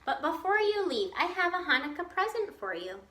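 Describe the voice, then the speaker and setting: A woman's voice: extremely high pitch, sing-song, a little fast, sharp tone, reverberant, slight background noise, pitched above the performer's own voice, heavily acted. A woman voicing a kindly, chatty old grandmother with failing eyes, fussing over her guest in a storybook read-aloud. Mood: fond. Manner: cheerful, chatty, fussing hostess.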